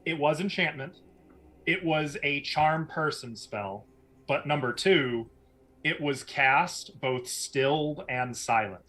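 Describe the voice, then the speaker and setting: Bright-voiced male game master. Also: fairly high pitch. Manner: explains rules in quick bursts. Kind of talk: narrating a tabletop game.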